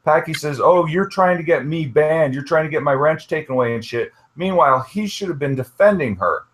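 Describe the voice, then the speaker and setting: A man's voice: on the high side, expressive, fairly quick. A man arguing heatedly in an online group chat, swearing often and punctuating every point with "okay". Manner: argumentative, keeps inserting "okay" and swearing. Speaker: participant in an online group hangout. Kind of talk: heated casual argument.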